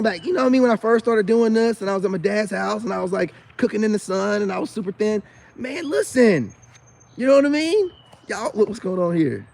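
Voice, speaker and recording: A man's voice: sits high, a little mellow, slight background noise. A man talking casually to his camera, rambling and teasing, with slang and flirty crooning asides. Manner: rambling, teasing, slangy, repeats "you know what I'm saying". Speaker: vlogger.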